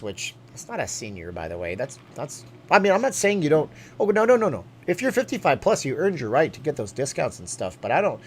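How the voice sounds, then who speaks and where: A man from Canada hosting a live stream, chatting and answering viewer questions in a rambling, animated way. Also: mid-range voice, slight background noise. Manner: chatty and animated, jumping between topics.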